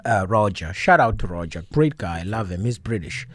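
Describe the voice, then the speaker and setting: A man's voice: fairly low pitch, expressive, a little fast, dry recording. A man co-hosting a casual radio show, playful and teasing, laughing often as he chats with his co-host.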